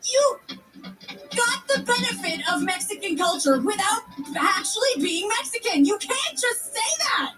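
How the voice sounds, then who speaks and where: A woman's voice: extremely high pitch, sing-song, unhurried, poor audio. A woman co-hosting a livestream who scolds her co-host in exasperation. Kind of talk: livestream banter. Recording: loud music behind. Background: music.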